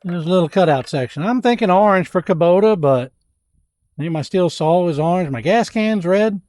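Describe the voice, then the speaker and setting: A man's voice: sits high, lively intonation, moderate pace, a little mellow, no echo, studio quality. A man, chatting folksily to viewers as he shows off his tractor setup outdoors. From Louisiana. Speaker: homestead vlogger. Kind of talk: casual product walkthrough.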